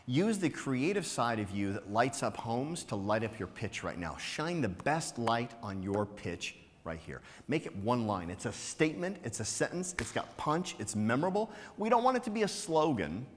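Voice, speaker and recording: A man giving a motivational business talk to a live conference audience, energetic and teasing, throwing out rhetorical questions with a frequent "right?". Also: medium pitch, normal speed, few pauses. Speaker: conference speaker. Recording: long hall reverb.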